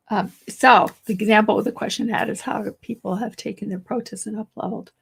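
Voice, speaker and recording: Hoarse woman losing her voice. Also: medium pitch. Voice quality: gravelly, husky. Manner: warm-hearted, reassuring, thinks aloud with restarts. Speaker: therapist and teacher. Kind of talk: casual solo video talk.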